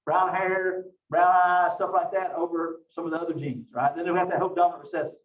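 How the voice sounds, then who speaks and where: A man teaching a biology lecture, lively and joking at his own expense, with frequent rhetorical questions. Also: high voice, brisk, a little hiss or hum. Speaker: biology instructor. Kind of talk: recorded online lecture. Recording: roomy, distant, dull lo-fi mic.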